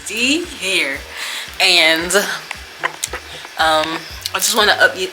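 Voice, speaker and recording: A woman's voice: fairly low pitch, animated, slow pace, music in the background. A young woman vlogger talking casually and venting, with a lot of profanity and frustration.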